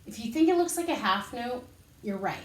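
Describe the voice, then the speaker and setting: Breathless from moving, a woman counts rhythm syllables aloud and patiently explains an elementary music lesson in an encouraging teacher's voice. Her voice is a little high and lively at a normal speed, picked up from a distance in an echoey room.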